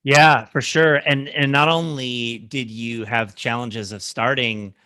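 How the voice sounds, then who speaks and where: A man's voice: mid-range voice, steady tone, slow, bright, forceful tone, clear, resonant tone, no echo, clean studio sound. A man hosting a podcast interview, asking curious follow-up questions. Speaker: podcast host. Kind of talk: interview conversation.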